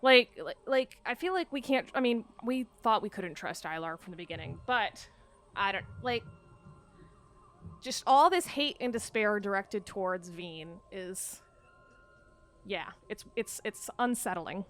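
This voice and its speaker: A woman hosting a let's play, reading a text game aloud in a calm, measured way and breaking off to chat hesitantly about it. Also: mid-range voice. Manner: calm, measured narration, with hesitant, searching commentary.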